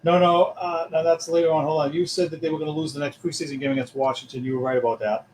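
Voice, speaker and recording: A man's voice: on the high side, level tone, fast talker, a little mellow, a little hiss or hum, rough recording. A man with a Boston accent, co-hosting a sports podcast, grumpy and given to emphatic rants. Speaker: podcast co-host. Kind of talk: casual sports chat.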